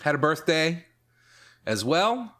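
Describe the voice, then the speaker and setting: A man's voice: on the high side, big pitch swings, takes it slowly, pushed and bright. A man hosting a podcast in casual chat, talking in an easygoing, rambling, self-mocking way. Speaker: podcast host.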